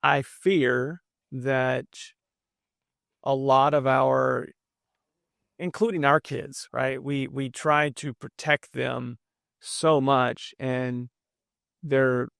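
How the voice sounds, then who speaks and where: A man hosting a podcast interview, reflecting on his guest's story in an unhurried way. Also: mid-range voice, fairly even intonation, creaky, a bit bright, no echo, studio quality. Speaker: podcast host. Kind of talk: conversational interview.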